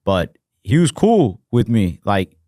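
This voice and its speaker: A man's voice: lowish voice, sing-song, slow pace, dark tone, no room sound, studio quality. A young man co-hosting a podcast, telling rambling, profane work stories in a casual chat with quoted voices. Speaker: podcast co-host.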